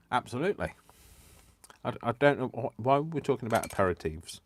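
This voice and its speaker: A man's voice: mid-range voice, expressive, quick pace. A man chatting casually through a live craft stream, giddy and rambling, teasing himself as he works. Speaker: crafting vlogger.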